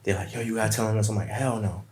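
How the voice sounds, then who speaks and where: New guy on a podcast, low voice, telling stories all animated, echoey room. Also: very fast. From Brooklyn, New York. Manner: animated storyteller, acts out quotes. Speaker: podcast guest. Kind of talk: casual storytelling chat.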